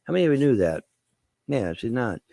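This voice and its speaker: A man's voice: mid-range voice, sing-song, brisk, creaky, mellow, no echo. A man ranting to his viewers as a vlogger, swearing, repeating himself and asking rhetorical questions. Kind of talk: rambling political rant to camera.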